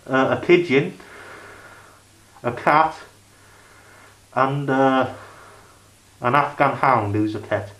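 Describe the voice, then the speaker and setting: A man's voice: medium pitch, slow, long pauses, a bit bright. A man, rambling through a casual review vlog of his DVD collection and leaning on "you know" and "like" fillers. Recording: echoey room.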